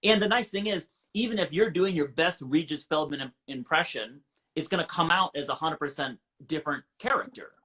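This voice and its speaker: A man's voice: fairly high pitch, a little fast, sharp tone. A man hosting an interview, supportive and reflective, summing up what his guest says. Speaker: podcast host. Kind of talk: casual interview chat.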